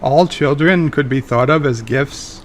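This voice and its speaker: A man's voice: mid-range voice, unhurried, a little hiss or hum, natural voice. A man voicing an older, dignified male starship captain who speaks formally and gets easily annoyed. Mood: fond. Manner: stiff, formal, mildly annoyed.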